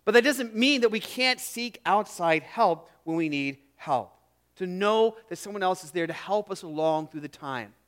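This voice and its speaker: Earnest high-voiced man preaching a sermon. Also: animated, normal speed, smooth. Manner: earnest, emphatic, drops to a hush on key phrases, repeats words. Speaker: pastor.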